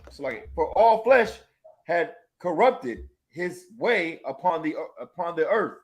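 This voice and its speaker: A man with a fairly high voice reads scripture aloud very slowly. He stumbles and repeats words as he goes. His reading is halting and careful. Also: animated. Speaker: scripture reader.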